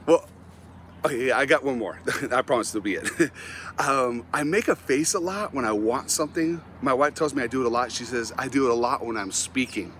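A middle-aged man, a Christian motivational speaker, telling humorous stories about himself in an animated, self-mocking way and often laughing at his own tales. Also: mid-range voice, brisk, slight background noise. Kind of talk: humorous storytelling talk.

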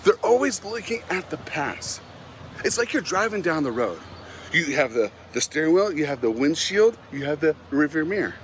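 A middle-aged man, a Christian motivational speaker, telling humorous stories about himself in an animated, self-mocking way and often laughing at his own tales. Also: a little high, normal speed, a little hiss or hum. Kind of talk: humorous storytelling talk.

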